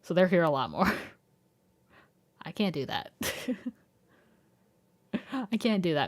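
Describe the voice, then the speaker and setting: A young woman streamer in casual livestream chat at home, laughing often and talking in a soft, coaxing way. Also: lowish voice, big pitch swings, slow, pauses often. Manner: giggly, laughs often between sentences; soft, coaxing voice when calling her dog. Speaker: live streamer.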